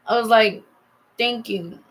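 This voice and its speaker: A young woman telling a personal story in a casual vlog, rambling and halting as she reads out old texts. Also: a little high, rough recording. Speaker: vlogger.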